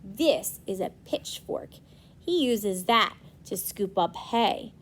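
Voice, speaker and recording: A young woman, a preschool teacher, reading a storybook aloud to children and gently asking them questions. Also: medium pitch, animated, slow.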